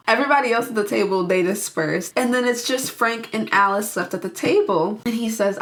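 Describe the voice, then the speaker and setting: A young woman recapping a movie in a casual, animated way, acting out the characters' lines as she goes. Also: mid-range voice, moderate pace, few pauses. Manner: animated, acts out characters' lines in quoted voices. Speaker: movie reviewer.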